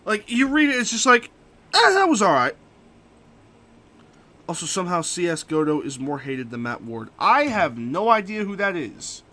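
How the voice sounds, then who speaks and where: A young male streamer rants profanely in casual chat. His voice sits high and bright, and its pitch swings all over as he vents his opinions. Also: very animated, normal speed, few pauses. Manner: profane, ranting.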